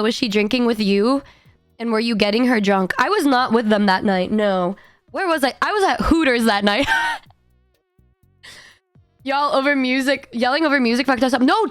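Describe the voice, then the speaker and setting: A woman streamer with a hoarse voice, telling a story in animated casual chat, laughing and swearing freely. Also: high-pitched, no echo. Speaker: VTuber streamer.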